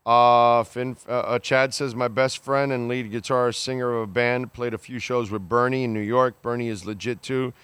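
A man's voice: medium pitch, fairly even intonation, moderate pace, few pauses, a bit bright, clean tone, dry recording. A man hosting a radio show, reading listener messages aloud and giving blunt, opinionated takes, swearing casually and calling people bro. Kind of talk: casual call-in radio talk.

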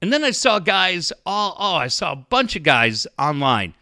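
A man's voice: high-pitched, sing-song, a little slow, hardly any pauses, pushed and bright. A man hosting a sports radio show, ranting sarcastically and swearing constantly. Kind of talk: profane sports talk rant.

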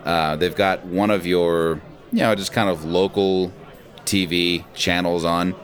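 Deep-voiced man, casual podcast host. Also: steady tone, unhurried. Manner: swears freely, laughs often. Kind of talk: casual chat.

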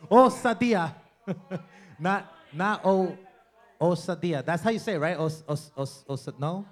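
A man doing a stand-up comedy set in a club, loud and profane, working the crowd and mocking people with impressions. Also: fairly high pitch.

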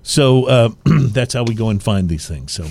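A man co-hosting a casual chat show, relaxed and rambling with a self-deprecating humor. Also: mid-range voice, normal speed, vocal fry, slightly rough. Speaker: podcast co-host.

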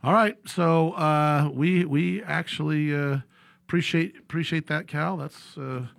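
A man's voice: a little high, a little slow, creaky, no room sound. A man co-hosting a radio show, chatting playfully and steering the talk to the next topic.

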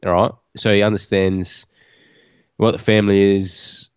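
A man's voice: on the low side, flat delivery, unhurried, smooth, dry recording, muffled recording. A man co-hosting a podcast, chatting casually about a TV show, emphatic and profane. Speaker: podcast co-host.

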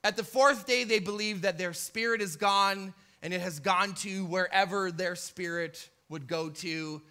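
Male preacher in church, high and sharp-toned, building to passionate delivery. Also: steady tone, a little slow. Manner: impassioned, acts out quoted pleas with rising intensity. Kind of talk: sermon.

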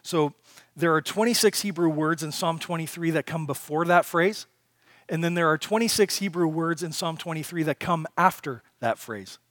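A man preaching a sermon in a somewhat high voice, recorded close and dry. He presses his points with rhetorical questions. His delivery swings between loud, driving passages and hushed ones. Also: normal speed, dry recording. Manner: asks rhetorical questions of the congregation. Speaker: pastor.

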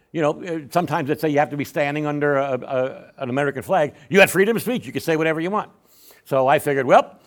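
Older man, folksy church storyteller, lively pitch, lots of restarts. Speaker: Sunday school speaker. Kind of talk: storytelling testimony in a church class.

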